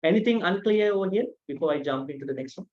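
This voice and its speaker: A man teaching a language lesson online, saying each sound slowly and patiently, with frequent pauses. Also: high-pitched, expressive. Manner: slow, patient, pronounces sounds one by one with many "uh" pauses. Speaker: Pali teacher. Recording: dull lo-fi audio.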